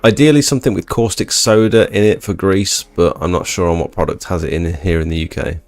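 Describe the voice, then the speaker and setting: A young man hosting a live stream, reading chat and chatting in a laid-back, low-energy way. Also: fairly quick, dry recording, faint music behind. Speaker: livestream host reading chat.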